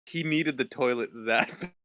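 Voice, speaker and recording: A man's voice: mid-range voice, unhurried, sharp tone, no echo. A man co-hosting a podcast in casual chat, laughing a lot and swearing freely. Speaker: podcast co-host.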